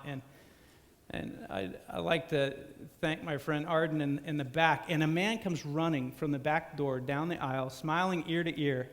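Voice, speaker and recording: A male preacher telling a story in a sermon, animated and often repeating words as he stumbles. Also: on the high side, normal speed, in a large hall.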